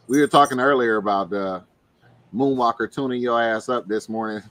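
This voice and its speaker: A man's voice: medium pitch, fairly even intonation, normal speed, a bit bright, dry recording. A man hosting a casual podcast chat, who laughs often and talks loosely and profanely. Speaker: podcast host.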